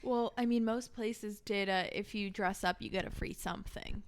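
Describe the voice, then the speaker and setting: A woman's voice: mid-range voice, fairly even intonation, moderate pace. A young woman in her twenties co-hosting a podcast, blunt, crude and dramatic in casual chat. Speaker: podcast co-host.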